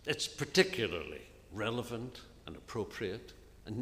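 A man preaching an earnest sermon in a church, often dropping to a soft, hushed voice on key phrases. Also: lowish voice, expressive, normal speed. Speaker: minister preaching. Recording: long reverb of a church hall, faint ambience.

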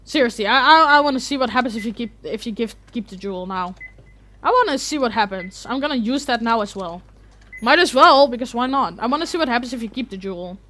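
Young woman, let's play commentary, bright tone, chatty. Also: on the high side, lively intonation, fast talker. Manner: chatty, restarts mid-sentence. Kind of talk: casual game commentary.

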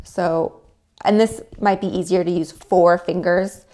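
A woman's voice: on the low side, fairly even intonation, moderate pace, mellow. A woman hosting a casual livestream, coaching viewers step by step and acting out their inner voices. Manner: coaching, demonstrates tapping, acts out inner voices. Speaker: livestream host.

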